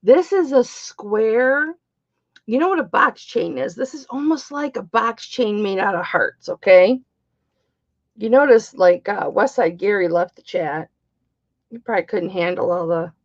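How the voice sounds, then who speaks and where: A middle-aged woman hosts a live-stream jewelry sale, talking slowly and easily. She is chatty and bawdy and greets her viewers by name. Her voice comes through slightly muffled, lo-fi stream audio. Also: medium pitch. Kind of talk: live-stream auction chat.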